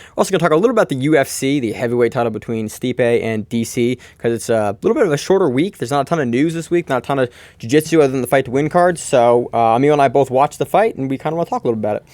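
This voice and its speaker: Fast-talking, chatty male podcast host. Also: mid-range voice, darkish tone, no echo. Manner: fast, loose and chatty, with casual swearing. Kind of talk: casual podcast chat.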